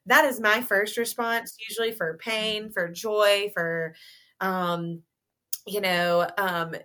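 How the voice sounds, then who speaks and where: A young woman tells her story as a guest in a relaxed podcast interview. Her telling is animated and full of giggles and laughs. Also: mid-range voice, slow pace.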